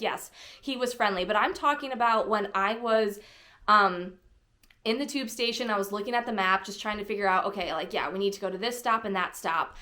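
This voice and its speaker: A woman's voice: fairly high pitch, fairly bright tone. A young woman talking casually to camera as a travel vlogger, chatty and bubbly with lots of "like" fillers.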